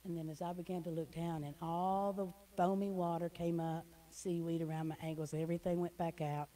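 A middle-aged woman, a guest speaker giving an emotional church testimony that swings from hushed to loud. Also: on the low side, flat delivery, brisk, rough recording. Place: church hall.

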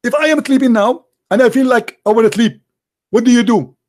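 A man's voice: very high voice, a little fast, pitched above the performer's own voice. A man putting on the voice of a pompous, overconfident preacher who declares every answer certain. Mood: insistent.

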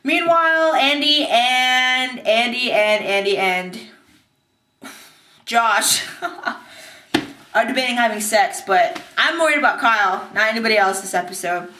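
A bubbly young woman chats through a TV episode recap, acting out scenes in silly voices. Her voice sits high and bright. It rings in an echoey bathroom. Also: measured pace, long pauses, recorded from a distance. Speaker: TV recap vlogger. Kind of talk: casual TV recap vlog. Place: bathtub.

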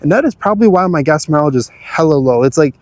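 Young guy showing off his car, chatty laid back talk, kinda high pitched, dry sound no room echo. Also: animated, quick pace. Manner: easygoing, chatty, slangy. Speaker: car channel host. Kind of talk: casual car walkthrough.

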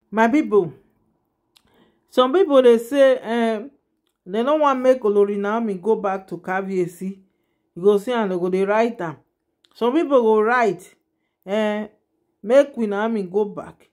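A woman's voice: mid-range voice, darkish tone. Chatty Nigerian Pidgin woman gossiping. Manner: chatty, addresses viewers directly with repeated asides. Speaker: gossip vlogger. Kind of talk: casual gossip commentary.

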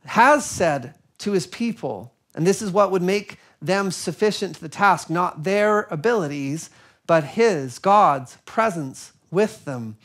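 A man giving a sermon, telling a personal story in an earnest, reflective way with soft pauses. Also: high voice, lively intonation. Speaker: preacher.

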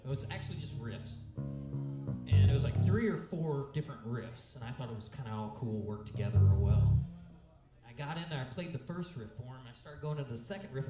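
Expressive and a little fast, this Central Illinois rock band frontman speaks at medium pitch while bantering between songs, cursing casually. He's recorded from a distance on a roomy live stage with loud music at the venue.

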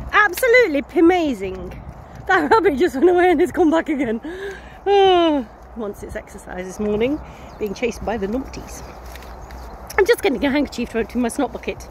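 A woman's voice: fairly high pitch, a little hiss or hum. A woman in her fifties with a Nottingham accent, chatting casually and whimsically to camera while walking outdoors. She is a little sniffly and plays with made-up words. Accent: Nottingham English. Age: 50s. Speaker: vlogger. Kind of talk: casual rambling chat to camera. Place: outdoors on a country lane, walking.

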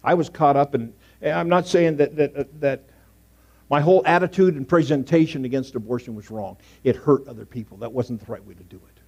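Storytelling pastor with dramatic hushed asides. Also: male voice, mid-range voice, a little fast, creaky, slightly rough. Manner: storytelling, swings from loud emphasis to hushed asides. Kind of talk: sermon. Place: church sanctuary.

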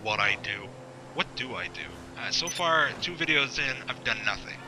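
A man's voice: mid-range voice, expressive, normal speed, noisy background. A man giving rambling, sarcastic gameplay commentary, swearing often and talking to himself as he plays. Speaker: gameplay video host.

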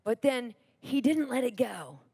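A woman TV preacher teaching from the Bible, telling the story with lively, animated delivery and acting out the characters' lines. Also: fairly high pitch, measured pace, creaky, husky, no echo, clean studio sound.

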